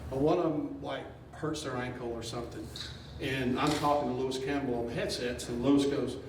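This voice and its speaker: A man, a former player and assistant coach, telling an animated story on a panel and laughing as he goes. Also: mid-range voice, fairly quick. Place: event hall with an audience. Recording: echoey room from far off with noise.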